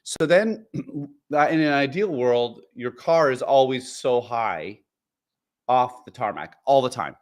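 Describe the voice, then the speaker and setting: A man's voice: mid-range voice, lively intonation, slow pace. A man co-hosting a podcast, explaining things in a rambling way with lots of fillers and restarts. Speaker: podcast co-host. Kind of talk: casual chat.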